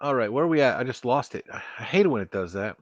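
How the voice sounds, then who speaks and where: A man's voice: mid-range voice, lively intonation, fast, dry recording, highs cut off. A man chatting casually with viewers while hosting a live stream, rambling and restarting his sentences. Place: home studio at a computer.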